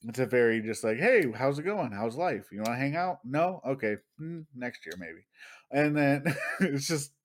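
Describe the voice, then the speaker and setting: Animated, profane man telling stories. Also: mid-range voice, moderate pace. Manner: profane, animated storytelling with acted-out quotes. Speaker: podcast co-host. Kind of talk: casual podcast chat.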